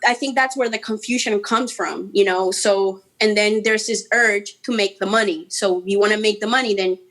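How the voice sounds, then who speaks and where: A Colombian woman musician, a guest in a casual interview, talking in an animated, chatty way with playful, mocking asides. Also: medium pitch, normal speed. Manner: animated and chatty, full of "like" and "you know".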